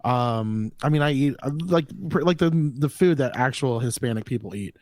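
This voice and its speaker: A man's voice: medium pitch, expressive, normal speed, a little mellow, no room sound. A man co-hosting a podcast in casual chat, joking and laughing as he rambles. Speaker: podcast co-host.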